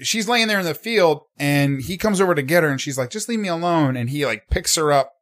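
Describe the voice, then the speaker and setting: Guy with a lively voice joking about a movie scene, acts out the lines. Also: on the high side, a little fast. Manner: wry, acts out characters' lines. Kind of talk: casual movie review chat.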